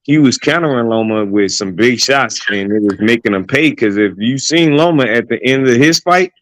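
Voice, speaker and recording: A man giving a steady, explanatory take in a casual boxing chat as a podcast panelist. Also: medium pitch, normal speed, no echo.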